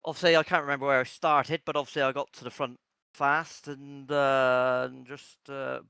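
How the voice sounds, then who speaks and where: A man being interviewed after a race, rambling through the story and teasing his hosts. His voice is bright and forceful, smooth and crisp, and it sounds dry and close with no room around it. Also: medium pitch, flat delivery, moderate pace, dry recording. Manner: rambling, joking, teasing banter. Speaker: racing driver guest. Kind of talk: casual post-race interview.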